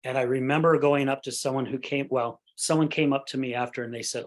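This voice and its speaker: A man hosting a podcast about recovery, with a middle-pitched voice. He talks earnestly and at length, checking in with his guest as he goes. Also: fairly even intonation, brisk, few pauses. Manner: earnest, talkative, often adds "right?". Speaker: podcast host. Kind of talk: podcast interview.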